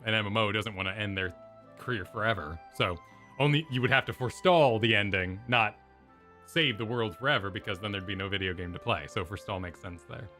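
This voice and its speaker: A man casually talking through a video game story with his co-host, animated and jokey. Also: on the low side. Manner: animated, jokey, puts on silly voices for characters. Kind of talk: casual gaming stream chat.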